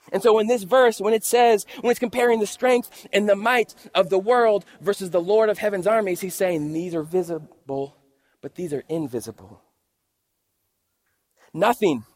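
A man with a high-pitched voice gives a sermon at a church service. He reads scripture aloud and then unpacks it step by step, talking to the congregation in a relaxed, conversational way. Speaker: pastor.

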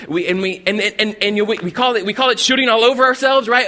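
A bright-toned male pastor with a high voice, talking through his sermon in a loose, conversational way. He stumbles and restarts often and acts out little asides as he goes. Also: fast, few pauses. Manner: conversational, animated, with many restarts and acted-out asides. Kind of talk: casual sermon.

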